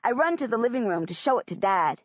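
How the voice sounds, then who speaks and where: Expressive woman audiobook narrator. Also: fairly high pitch, fast, no echo. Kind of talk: first-person audiobook narration. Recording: dry, slightly muffled audiobook recording.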